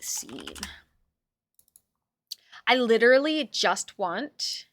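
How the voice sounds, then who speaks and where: A young adult woman streamer chatting casually to her viewers, talking to herself and swearing, sometimes loud. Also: medium pitch, normal speed, a little hiss or hum. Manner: talks to herself and to chat, swears, swings loud. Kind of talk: casual chat.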